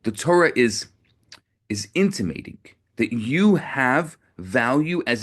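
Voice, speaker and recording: A man's voice: mid-range voice, expressive, slow, a bit bright. A man, a rabbi, giving an earnest sermon in a storytelling manner, often repeating words as he builds to a point.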